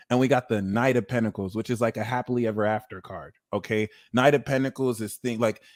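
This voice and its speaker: A man in his thirties giving a livestream tarot reading, talking in a blunt, animated way and swearing freely. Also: mid-range voice. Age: 30s. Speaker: tarot reader.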